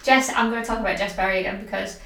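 A woman's voice: mid-range voice, steady tone, very fast, vocal fry, a loud crowd. A woman co-hosting a podcast, a former teacher, chatting casually and playfully and laughing often. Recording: echoey room, a bit far from the mic.

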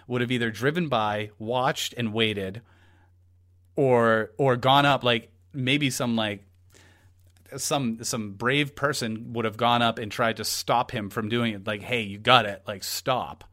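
A man's voice: mid-range voice, unhurried, a bit bright. Profane, rambling male podcast co-host. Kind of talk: casual true-crime discussion.

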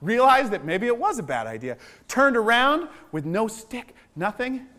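Brief: visiting author, a man with a high voice, lively and playful, telling stories to schoolchildren at an assembly. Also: moderate pace. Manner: animated, playful storyteller addressing children. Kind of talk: school assembly storytelling talk.

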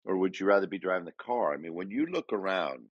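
Low-voiced guy on a podcast, earnest and reflective, asks a lot of questions, dry muffled sound. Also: lively intonation, quick pace, husky, dry recording. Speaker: podcast co-host. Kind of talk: casual conversation.

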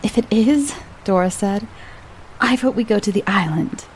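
A woman reading the part of a curious, teasing woman on holiday, with a lively, lifted delivery. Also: medium pitch, moderate pace, slight background noise, close to an everyday voice, poor audio. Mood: breezy.

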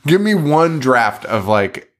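A man's voice: medium pitch, a little hiss or hum. A man hosting a podcast, recapping a movie in casual chat, swearing often and laughing in disbelief. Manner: profane, laughing, incredulous storytelling. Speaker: podcast host.

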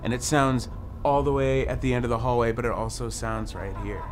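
A man telling a dramatic ghost story in a suspenseful style, building to excited rushes and humming his own sound effects. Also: mid-range voice, noisy background. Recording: music bed under the voice.

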